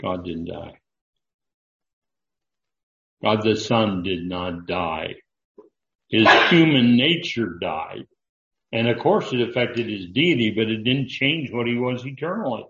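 An older man preaching a sermon, speaking in a slow, halting way with frequent fillers and restarts. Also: lowish voice, fairly bright tone, echoey room, highs cut off. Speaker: pastor.

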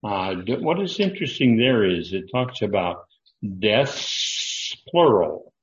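An older man preaching a sermon, speaking in a slow, halting way with frequent fillers and restarts. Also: fairly low pitch, big pitch swings, echoey room, lo-fi sound, a little hiss or hum. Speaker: pastor.

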